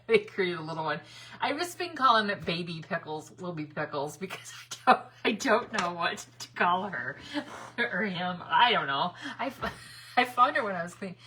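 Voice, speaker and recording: A woman's voice: medium pitch, pushed and bright, husky. A middle-aged woman hosting a live crafting stream, chatting bubbly with viewers, rambling and laughing often. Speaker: craft livestream host.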